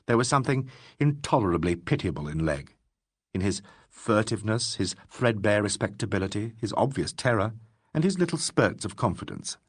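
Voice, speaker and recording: A husky man narrating a classic mystery audiobook. His voice sits low but moves lively through each phrase. His storytelling is expressive. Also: no echo, studio quality. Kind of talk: scripted narration.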